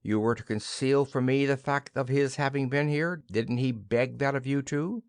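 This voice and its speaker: A man's voice: medium pitch, moderate pace, no room sound, studio quality, natural voice. A man reading as a condescending husband. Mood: scolding. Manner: scolding, condescending. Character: patronizing middle-aged husband, bank manager.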